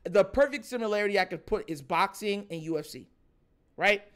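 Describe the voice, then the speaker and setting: A man's voice: high voice, expressive, fairly quick, fairly bright tone. A man in casual sports talk, speaking emphatically in slang, laughing often and often asking "you know what I'm saying.".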